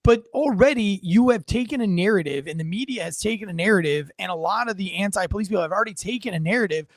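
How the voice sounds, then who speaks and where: A young man co-hosting a podcast, talking in an animated, emphatic way and reading comments aloud. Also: sits high, fast talker, dry recording. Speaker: podcast co-host. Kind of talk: casual opinion chat.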